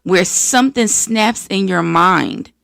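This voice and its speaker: An American woman from the East Coast hosting a podcast, giving an energetic, preachy faith-based motivational talk and acting out voices of the people she quotes. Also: medium pitch, slow pace, gravelly, no room sound, studio quality. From East Coast of the United States. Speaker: podcast host.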